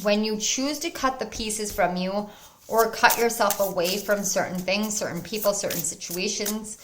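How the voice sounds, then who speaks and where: Woman, tarot reader, spiritual reading, earnest and encouraging, middle pitch, faint background hiss. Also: normal speed. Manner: earnest, soothing and encouraging, with excited outbursts. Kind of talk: spiritual pick-a-card reading to camera.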